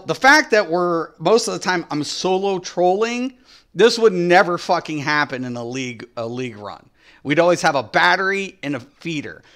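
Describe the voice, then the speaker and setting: A male game streamer holds forth to his chat in a blunt, swear-heavy rant. His voice sits a bit high and has a bright, forceful edge. He sounds casual and combative as he talks. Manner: blunt, profane, ranting.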